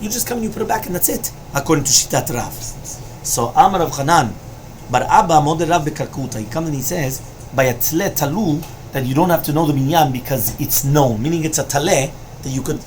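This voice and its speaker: A man leads a Talmud study lesson, chanting each Aramaic passage with rising emphasis and then explaining it in plain English. His voice sits a bit high for a man, and he keeps checking in with his listeners. A faint noise runs under the recording. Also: fast talker, a little mellow. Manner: explains each line, repeats with "right?" and "you understand?". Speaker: Talmud teacher.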